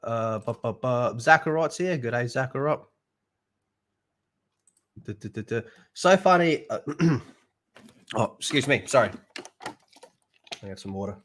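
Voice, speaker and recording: A man's voice: medium pitch, expressive, measured pace, long pauses, fairly bright tone. A young man with an Australian accent, chatting crudely and swearing a lot on a live stream, laughing often. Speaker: streamer reviewing a TV show. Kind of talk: casual live-stream chat.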